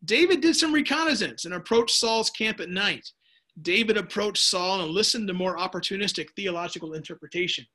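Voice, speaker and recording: A man with a high, sharp-toned voice leads a casual Bible study lesson, speaking fairly quickly and with animation. He's chatty and throws in jokey asides while answering viewers' typed questions, often restarting mid-sentence.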